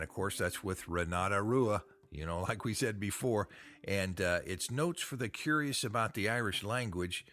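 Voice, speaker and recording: A man's voice: lowish voice, fairly bright tone, no echo, clean studio sound. An American man hosting a podcast, chatting in a folksy, upbeat way. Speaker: podcast host. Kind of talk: casual podcast chat.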